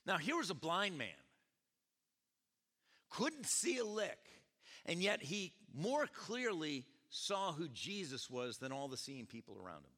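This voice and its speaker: Animated preacher in a ringing hall. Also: male voice, fairly high pitch, unhurried. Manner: animated, questioning the congregation, acting out quotes. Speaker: pastor. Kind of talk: sermon. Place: church service. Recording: echoey church hall.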